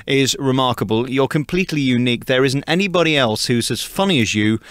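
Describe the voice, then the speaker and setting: Quick-paced male radio host, gushing, dry booth sound. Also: mid-range voice, a bit bright, dry recording. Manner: effusive, praising the guest. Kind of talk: radio interview.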